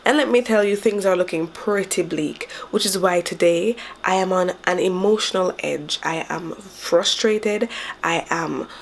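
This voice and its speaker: A young woman recording a casual video diary at home while sick, her voice stuffy and raspy, talking frankly and with exasperation. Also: lowish voice, a little slow, a little hiss or hum. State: stuffy, hoarse from illness. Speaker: vlogger. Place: at home by a window.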